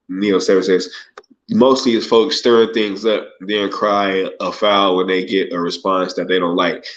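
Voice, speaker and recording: A man in a relaxed live-stream chat, his voice sitting low in pitch. He reads out viewer comments and answers them in loose, slangy talk, often tagging "yo" onto his lines. The stream audio is dull and lo-fi. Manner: laid-back slangy talk, frequent "yo" and "right?".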